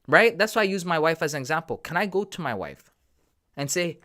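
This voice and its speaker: Animated man hosting a trading livestream. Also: a little high, brisk. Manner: emphatic and repetitive, talks straight to viewers. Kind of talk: casual live-stream talk.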